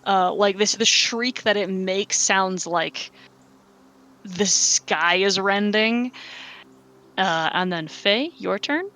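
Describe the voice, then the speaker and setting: A woman narrating as game master for a tabletop game, describing a monster in halting, self-correcting bursts full of fillers. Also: medium pitch, a bit bright, poor audio.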